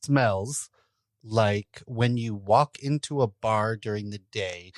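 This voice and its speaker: A man's voice: fairly low pitch, slow pace, dry recording. A man co-hosting a podcast in casual chat, dry and descriptive as he tastes a beer. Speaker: podcast co-host.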